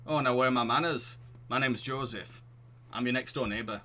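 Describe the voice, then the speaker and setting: Northern English neighbour, chatty youth minister, bright forward tone; a man doing the voice. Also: mid-range voice, normal speed, natural voice. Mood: friendly. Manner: chatty, awkward, cheerful. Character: friendly clean-cut male neighbour, youth minister.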